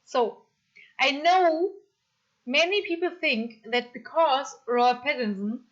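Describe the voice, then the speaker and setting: A woman with a German accent chatting casually on a live stream, reading comments aloud and apologizing often in an excitable way. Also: high-pitched, slow pace, dull audio.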